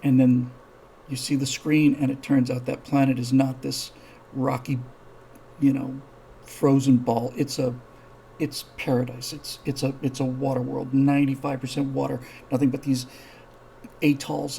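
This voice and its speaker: A man's voice: medium pitch, level tone, normal speed, vocal fry, dark tone, a little hiss or hum, rough recording. A man hosting a live-streamed show, telling a story in a casual, rambling way, with many restarts, and acting out the characters' dialogue. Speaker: show host.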